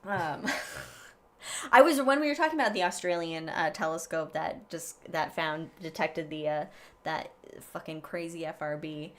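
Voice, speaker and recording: A woman's voice: sits low, measured pace. A woman co-hosting a casual podcast, rambling and giggling, with lots of restarts. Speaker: podcast co-host. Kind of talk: casual chat.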